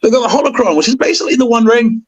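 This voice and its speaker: A man co-hosting a podcast in casual chat, excitable and rambling, with bursts of enthusiasm. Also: very high-pitched, racing, breathy edge, lo-fi sound. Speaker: podcast co-host.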